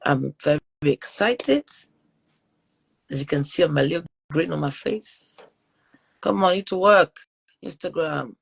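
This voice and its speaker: A teacher with a French accent hosts a live-streamed podcast interview, her low voice lively in intonation, a little slow, with vocal fry, frequent pauses, and slight roughness. She's chatty and warm-hearted, apologizing often and using many fillers.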